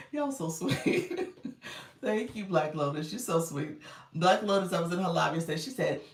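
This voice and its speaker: A woman's voice: lowish voice, normal speed. A woman hosting a casual livestream, chatting with viewers and thanking them, laughing often and calling them y'all. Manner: giggly, often breaking into laughter. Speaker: livestream host and coach. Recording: roomy and distant from mic.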